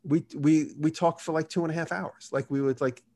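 A man's voice: a little high, steady tone, a little fast, darkish tone. A man tells stories in a loose, rambling way during an interview. He slips into the quoted lines of the people in his stories as he goes. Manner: rambling, acts out quoted dialogue. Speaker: guest. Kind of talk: casual storytelling.

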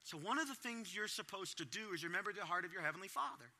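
A middle-aged man preaches to parents in a high, lively voice that leaps up and down as he acts out his own reactions. His tone is bright and forceful, never still for long. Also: fast. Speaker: pastor. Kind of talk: sermon to parents.

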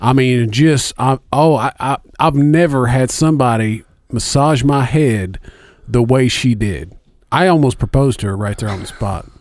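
A man's voice: mid-range voice, normal speed, a little mellow, dry recording, studio quality. A middle-aged man chatting casually as a podcast co-host, rambling through stories with many fillers and heavy swearing. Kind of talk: casual chat.

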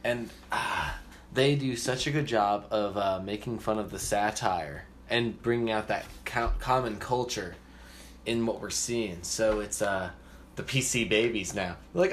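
A man's voice: fairly low pitch, normal speed, slight background noise. Rambling man in casual chat. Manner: rambling, hedging with fillers. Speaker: podcast co-host.

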